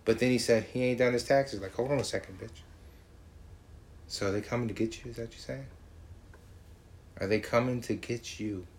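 A man from Georgia, talking in a profane, mocking, animated casual rant. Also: mid-range voice, moderate pace, long pauses.

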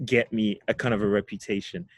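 A man's voice: fairly low pitch, little pitch movement, brisk, no echo. Young guy from ghana telling his story, laughs a lot, trips over words, dry close sound. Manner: reflective, laughs often, repeats words. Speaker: guest. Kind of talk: casual storytelling interview.

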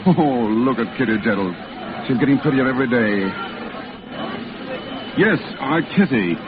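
A man's voice: mid-range voice, expressive, moderate pace, a crowd in the background, background noise, natural voice. An actor playing a joking, affectionate young serviceman in 1940s film style. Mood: jovial. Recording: dull lo-fi old film sound with music.

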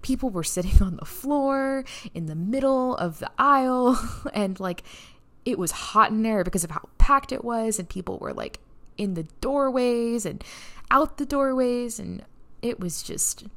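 Excited woman podcaster telling a story. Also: on the high side, a little slow. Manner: excited, breathless storytelling with frequent "like" and laughs; heartfelt and emotional. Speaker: podcast host and neuroscientist. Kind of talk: casual solo podcast recap.

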